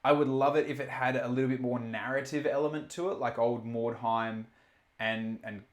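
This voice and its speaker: A man hosting a casual live stream, talking in quick bursts, swearing and restarting his sentences. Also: medium pitch, reverberant. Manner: animated, swearing, self-interrupting. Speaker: stream host reading chat. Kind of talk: casual chat.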